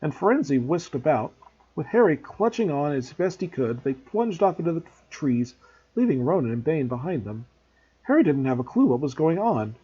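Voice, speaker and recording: Brief: teacher reading a story aloud, lively and husky, dull lo-fi audio. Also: male voice, on the high side, normal speed. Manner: expressive storytelling.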